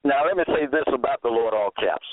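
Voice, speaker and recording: A man preaching in a slow, measured, emphatic way, repeating key phrases as he presents a case. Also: mid-range voice, animated, no echo. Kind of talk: slow deliberate sermon. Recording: dry tinny phone-like sound.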